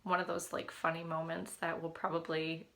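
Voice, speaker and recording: A woman talks to the camera in a personal video diary about caring for her sick husband. Her voice is bright and gravelly. She is emotional and often sinks to a near whisper. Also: low voice, completely flat delivery, normal speed.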